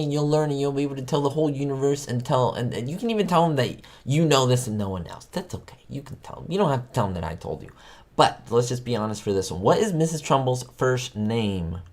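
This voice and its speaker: A man hosting a trivia livestream, chatting casually and excitably with his viewers, rambling from one fact to the next. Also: mid-range voice.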